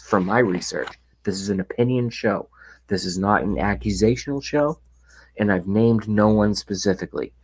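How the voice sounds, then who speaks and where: A man with a low, husky voice hosts a loose live-streamed rant into a webcam mic. He chats with viewers between bursts of sarcasm and swearing, and sometimes drops to a whisper. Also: a little mellow, poor audio. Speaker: livestream host. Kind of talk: casual ranting live chat.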